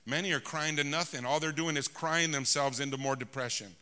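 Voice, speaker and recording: A male pastor preaching a sermon who calls out to the congregation for amens and swings between loud, shouted lines and low, hushed ones. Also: steady tone, a little fast, clean tone, in a large hall.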